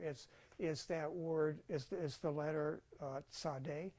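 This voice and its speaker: A man's voice: a little high, steady tone, takes it slowly, a little mellow. A man teaching a Bible college class in a casual lecture style, thinking aloud with fillers and restarts.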